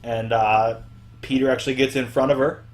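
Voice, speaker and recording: A man's voice: medium pitch, flat delivery, moderate pace. A young man hosting a podcast in casual chat, recapping at length with many fillers. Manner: rambling recap full of fillers. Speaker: podcast host.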